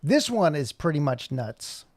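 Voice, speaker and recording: Male streamer, slightly high pitch, rambling and self-mocking, narrating his own fumbling at the computer. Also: big pitch swings, measured pace, no echo, studio quality. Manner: rambling, thinking aloud while fumbling with software. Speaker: animator streaming his work. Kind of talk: casual live-stream chat.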